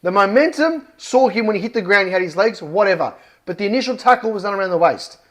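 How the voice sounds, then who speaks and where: Australian male fan vlogger, high-pitched, fired up, swears, emphatic ranting review. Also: animated, fast, fairly bright tone. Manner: worked up, swears often, punchy and emphatic. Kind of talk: heated match review rant.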